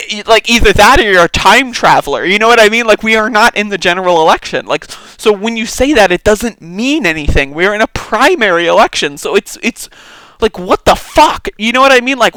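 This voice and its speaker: A man ranting in a casual, profane and sarcastic way, high-pitched for a man, with a bright, forceful edge. The sound is dry and close. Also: smooth, no echo, rough recording. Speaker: political commentator. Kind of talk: casual political rant.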